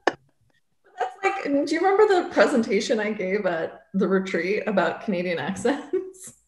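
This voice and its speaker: Female co-host, slow hesitant delivery, echoey room. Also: medium pitch, animated. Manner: hesitant, thoughtful. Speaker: podcast co-host. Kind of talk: casual chat.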